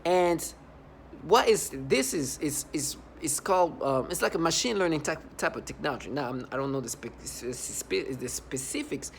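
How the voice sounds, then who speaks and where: Halting man in his thirties. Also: fairly high pitch, animated, vocal fry, a little hiss or hum. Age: 30s. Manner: halting, repeats and restarts words. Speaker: vlogger. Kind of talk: personal testimonial.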